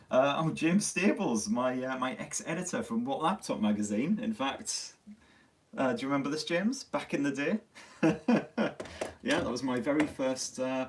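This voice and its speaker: A man from Sunderland with a Northern English accent, chatting casually as host of a live tech stream, swearing freely and poking fun at himself, his voice a little worn. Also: mid-range voice. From Sunderland, North East England. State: slightly losing his voice. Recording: distant mic on a phone stream.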